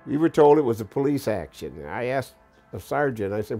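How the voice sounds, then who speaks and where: A man's voice: medium pitch, very animated, moderate pace, warm tone, faint music behind. An elderly man in his eighties, a war veteran, recounting his experiences in a blunt, plain-spoken documentary interview. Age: 80s. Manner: plain-spoken, blunt storytelling with occasional profanity.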